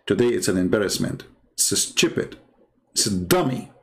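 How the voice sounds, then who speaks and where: A man's voice: on the low side, very animated, moderate pace, fairly bright tone. A man from the Middle East whose first language is Arabic, speaking with an Arabic accent. He hosts a rambling, sarcastic livestream commentary. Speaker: channel host and religion critic.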